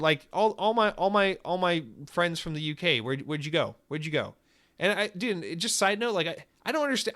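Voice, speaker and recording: A young man hosting a solo podcast, rambling and swearing as he tells stories and rants. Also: on the high side. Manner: rambling, profane, animated storytelling. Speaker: podcast host. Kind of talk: casual solo podcast rant.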